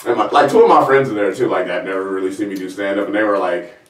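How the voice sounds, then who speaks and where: A man's voice: lowish voice, quick pace. A man hosting a comedy talk show, telling stories casually and acting out the voices of the people in them. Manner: animated, acts out the voices in his stories, laughs. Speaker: comedian host. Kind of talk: casual storytelling chat. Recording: roomy sound from a distant mic.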